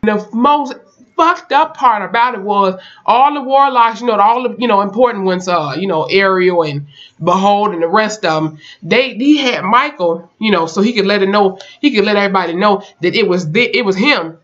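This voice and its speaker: A chatty reviewer walks through a TV episode scene by scene, all slang and cursing, and slips into the characters' lines along the way. The voice sits at a mid pitch. The recording sounds dull and lo-fi. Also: moderate pace. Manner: animated storytelling with slang and swearing; acts out characters' lines in quotes. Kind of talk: casual episode recap.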